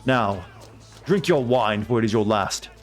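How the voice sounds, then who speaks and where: A man's voice: on the low side, unhurried, soft background music, close to an everyday voice. A man putting on the voice of a smug, gloating male movie villain.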